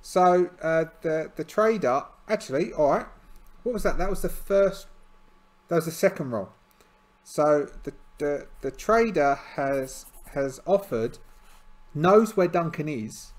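Tired guy slowly talking through his solo rpg, lots of uhs and restarts. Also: a little high. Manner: hesitant, full of fillers and restarts. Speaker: solo tabletop game player.

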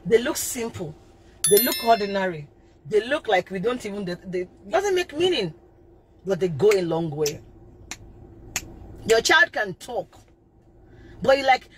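A woman's voice: a little high, animated, normal speed, a bit bright, slight background noise. A middle-aged woman giving an impassioned live talk as a parenting coach, stressing her points and often repeating and restarting phrases. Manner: emphatic, impassioned preaching.

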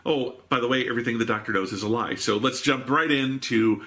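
A man's voice: medium pitch, fairly quick, pushed and bright. A man hosting a live reaction show, chatting and musing with wry asides. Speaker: host.

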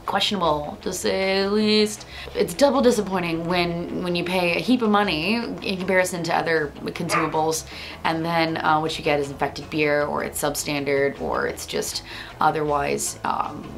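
A woman vlogger talking frankly and casually to her camera, with lots of ums and likes. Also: fairly low pitch. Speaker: beer vlogger.

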